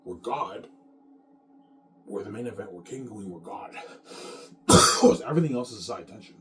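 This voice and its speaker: A man's voice: fairly low pitch, expressive, a little fast, fairly bright tone, soft background music. A man in an off-the-cuff monologue, boastful and repetitive, often adding "man".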